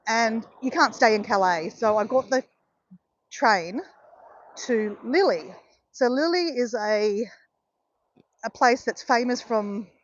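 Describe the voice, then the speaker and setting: A woman's voice: on the high side, no room sound, lo-fi sound. A middle-aged woman chatting casually on a walk, telling a story and often checking in with her viewers. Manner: chatty, keeps saying "guys" and "right". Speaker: vlogger.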